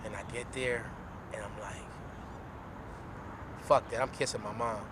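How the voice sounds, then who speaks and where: A young man recounting a personal story in slangy, heartfelt casual talk, halting and repeating himself. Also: fairly low pitch, fairly even intonation. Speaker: podcast guest. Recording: noisy traffic in background.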